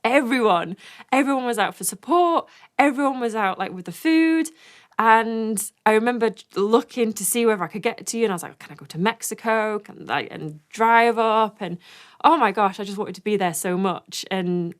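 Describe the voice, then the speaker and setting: A woman's voice: fairly high pitch, normal speed. A woman hosting a casual interview, prompting her guest with encouraging questions and reactions. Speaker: podcast host, nurse.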